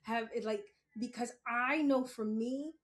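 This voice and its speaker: Her voice is a little high and her pace measured. She's a young Queens, New York native hosting a spiritual podcast solo, talking in a chatty, blunt way with frequent laughter and plenty of swearing.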